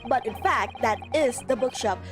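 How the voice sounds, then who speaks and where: A woman's voice: fairly high pitch, normal speed, natural voice. A woman voicing an earnest young male defense lawyer in a formal manner, over game music.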